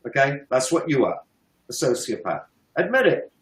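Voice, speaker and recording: Animated, sarcastic British man ranting. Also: medium pitch, normal speed, echoey room, low-quality recording. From United Kingdom. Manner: sarcastic, profane, mocking. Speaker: guest commentator on a political livestream. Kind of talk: ranting livestream commentary.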